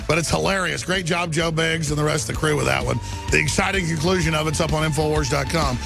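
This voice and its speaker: A man's voice: fairly high pitch, vocal fry. A man hosting a talk radio show, delivering an emphatic, ranting monologue into a studio mic.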